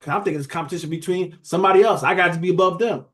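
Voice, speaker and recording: A man's voice: high voice, rapid-fire, fairly bright tone. Man, slightly raised voice, preaching sermon, chatty, asks questions and waits for answers. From United States. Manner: conversational preaching, asks the room questions and says "beloved". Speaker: teacher preaching a Bible study.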